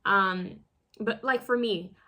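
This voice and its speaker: Woman doing a tarot reading, bright clear tone, lots of um and you know, kinda rambly. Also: mid-range voice, takes it slowly. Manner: rambling, full of fillers and restarts; self-conscious, fumbles over words. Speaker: tarot card reader. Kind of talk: casual pick-a-card reading.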